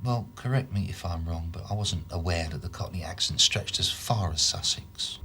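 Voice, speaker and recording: A man's voice: low voice, moderate pace, bright, forceful tone, breathy edge, heavily acted. An actor playing a male police detective who questions a suspect with sardonic, probing remarks.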